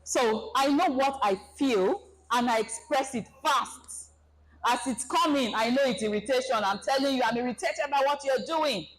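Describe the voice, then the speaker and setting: Animated woman giving a seminar. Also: sits high, normal speed, low-quality recording. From Nigeria. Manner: animated, acts out scenarios. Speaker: relationship seminar speaker. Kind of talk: presentation talk to an audience.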